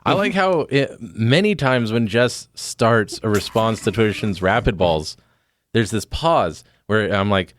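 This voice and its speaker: A man's voice: lowish voice, expressive, measured pace, dry recording. A man hosting a comedy podcast, announcing segments in a wry, self-deprecating way. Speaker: podcast host.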